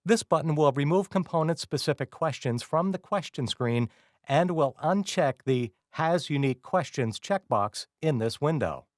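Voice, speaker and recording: A man giving scripted, measured narration for a software tutorial. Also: fairly high pitch, lively intonation, no echo, clean studio sound. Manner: measured, instructional.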